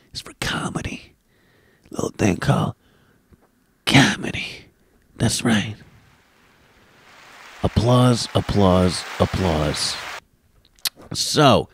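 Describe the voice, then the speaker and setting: A young man from Queens, New York, hosting his own comedy podcast, ranting in a brash, mocking, profane way with a smooth deep radio voice, recorded on a laptop mic. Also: dry recording, studio quality. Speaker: podcast host. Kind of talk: comedic solo podcast rant. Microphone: laptop camera mic.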